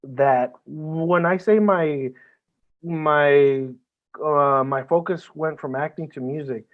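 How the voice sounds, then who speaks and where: Earnest, swearing man on a tinny line. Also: a little high. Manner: earnest, heavy swearing, halting restarts. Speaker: podcast guest. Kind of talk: emotional podcast conversation. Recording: band-limited phone-like audio.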